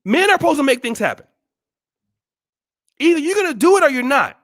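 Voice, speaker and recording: Male vlog host, very high voice, preachy and forceful, tough-love rant. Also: very animated, a little fast. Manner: blunt, scolding, repeats rhetorical questions. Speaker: channel host. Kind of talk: blunt motivational monologue.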